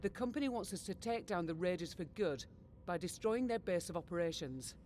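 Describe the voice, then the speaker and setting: An actress playing a brisk female mercenary executive officer who briefs her commander in a crisp, matter-of-fact game voiceover. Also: lowish voice, lively intonation, a little mellow, a little hiss or hum, lightly acted. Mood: businesslike. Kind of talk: game voice acting.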